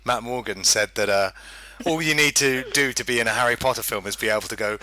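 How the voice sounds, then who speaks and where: A man's voice: medium pitch, fast talker, very noisy. A man hosting a casual gaming podcast, joking and reading news in a mock-formal tone. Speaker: podcast host.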